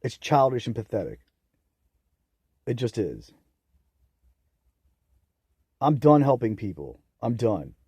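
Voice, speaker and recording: A young man ranting angrily on his own, profane and bitter, swinging into loud outbursts. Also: medium pitch, dry recording. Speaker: vlogger. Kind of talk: angry solo rant to camera.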